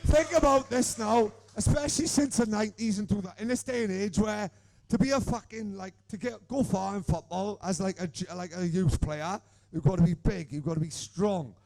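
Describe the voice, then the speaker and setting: A man with a strikingly high, gravelly voice runs through rambling stories on a live podcast. He swears in nearly every sentence, and his crude tales spill out one after another. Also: moderate pace, a little mellow. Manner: swears constantly, rambling anecdotes. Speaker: podcast co-host. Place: live show in a room with an audience.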